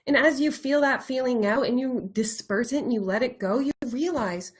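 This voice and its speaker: A woman coach speaking straight to her viewers in a motivational talk. Her voice sits a little high, and she leans on repeated words for emphasis. She often slows and softens to let a point sink in. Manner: drops to soft, slow delivery for reflection. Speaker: life coach.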